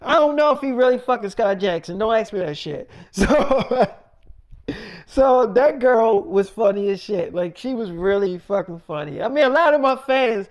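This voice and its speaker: A man's voice: sits high, lively intonation, moderate pace. A man telling a long made-up story in a casual, rambling way. He swears a lot and keeps saying "I'm like".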